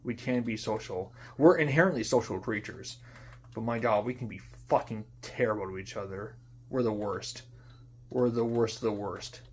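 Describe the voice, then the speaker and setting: A young man in an unscripted monologue, venting in frustration, swearing often, repeating himself and trailing off into quiet mutters. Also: fairly low pitch, moderate pace, a little hiss or hum. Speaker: vlogger.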